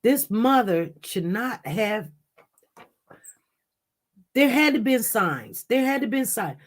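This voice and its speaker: A woman's voice: a little high, very animated, slow. A woman hosting a casual livestream, talking straight to her viewers in an impassioned, repetitive way. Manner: impassioned, repetitive, talks directly to chat. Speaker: livestream news host.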